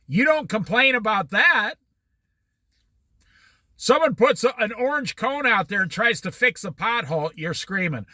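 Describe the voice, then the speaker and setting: A man with a high, very bright and sharp voice gives a motivational talk. His pitch swings widely as he tells homely examples. He drives each point home by repeating it. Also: expressive, a little slow, no room sound. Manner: folksy, repeats points for emphasis. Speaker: speaker.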